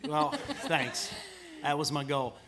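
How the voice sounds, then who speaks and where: A man's voice: fairly high pitch, fairly even intonation, takes it slowly, pushed and bright. Laid-back Southern man on a panel. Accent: Southern American. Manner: laid-back, self-deprecating, laughing. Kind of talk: casual panel discussion. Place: conference panel room.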